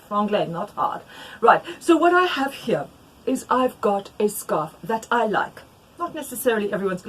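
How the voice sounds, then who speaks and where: A woman teaching knitting in a playful, rambling way, with jokey asides and sudden loud bursts. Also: a little high, slight background noise, low-quality recording. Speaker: knitting tutor. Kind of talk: chatty knitting tutorial.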